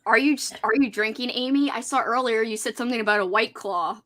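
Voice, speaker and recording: A woman with a slightly high, somewhat bright voice talks at a quick pace while hosting a casual livestream hangout with guests. She's chatty and giggly and reads out comments from viewers.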